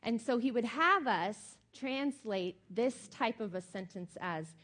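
Middle-aged woman pastor, chatty and emphatic sermon, higher voice, unhurried delivery. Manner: animated, emphatic, conversational with many fillers.

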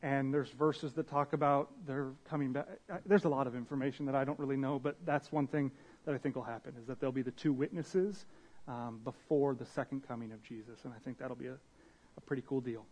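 A man's voice: medium pitch, steady tone, brisk, a little mellow. A young man preaching a sermon as a pastor, casual and conversational, with slang, restarts and Bible readings.

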